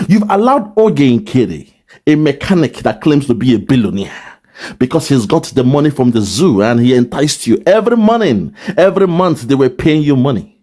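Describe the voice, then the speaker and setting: A man's voice: mid-range voice, a little mellow. A man delivering an impassioned, preachy monologue that scolds a rival, repeating his points. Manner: preachy, repetitive, scolding, with mocking laughs. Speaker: online political commentator.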